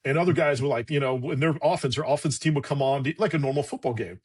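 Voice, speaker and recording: A man's voice: mid-range voice, fast talker, husky. A man chatting as a podcast guest, telling a long anecdote casually, acting out what people said and swearing freely. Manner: lively anecdotal, acts out quotes, swears freely. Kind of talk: casual storytelling in conversation.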